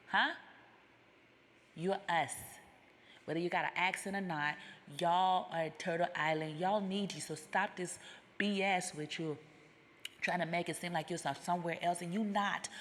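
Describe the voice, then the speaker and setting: A woman's voice: fairly low pitch, steady tone, unhurried, fairly bright tone, a little hiss or hum. An American woman delivering a confrontational, emphatic, profane monologue straight to her viewers. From United States. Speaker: vlogger. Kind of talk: ranting monologue. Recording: long reverb.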